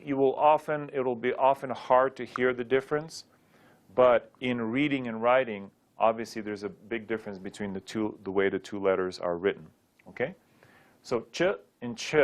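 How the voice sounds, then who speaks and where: A man teaching a recorded Sanskrit lesson, patiently drilling sounds aloud with light joking asides. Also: mid-range voice.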